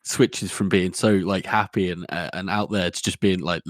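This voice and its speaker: A man co-hosting a podcast, laughing often and acting out book scenes in high, excited voices. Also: moderate pace, no echo, studio quality. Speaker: podcast co-host. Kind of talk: casual book discussion.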